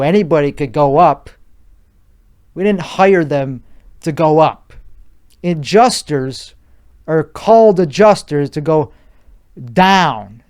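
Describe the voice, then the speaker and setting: A man's voice: on the high side, a little mellow, clean tone. A man hosting a solo podcast, rambling through a crude comedic riff with restarts and swearing. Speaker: podcast host.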